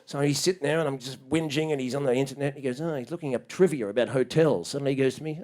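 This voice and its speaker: Talking fast with hardly any pauses, a man does a stand-up routine in a small club. He rants and swears in disbelief, leaping into loud high shouts when acting out others.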